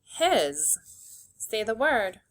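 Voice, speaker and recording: A woman teacher leading a phonics lesson for young children, slowly sounding out words and giving simple, encouraging instructions. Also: fairly high pitch, very animated, fairly bright tone. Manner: slow, clearly segmented sounding-out of words.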